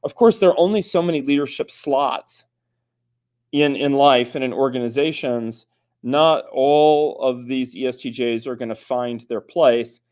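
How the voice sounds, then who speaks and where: A man's voice: medium pitch, measured pace, darkish tone. A man in his forties, a guest expert, explaining ideas in a thoughtful conversational way, with many fillers and restarts. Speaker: guest expert on personality types.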